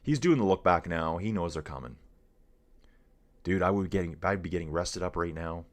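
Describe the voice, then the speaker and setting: A middle-aged man with a low, deep voice, chatting his way through live bike race commentary. He talks with an easygoing, energetic buzz and keeps calling his viewers dudes and guys. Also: brisk.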